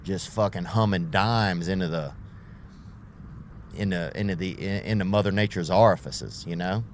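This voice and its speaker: A man's voice: low-pitched, normal speed, slight background noise. Rambling, profane male comedian. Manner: profane, rambling, full of restarts and tangents; slangy. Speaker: comedian and podcast host.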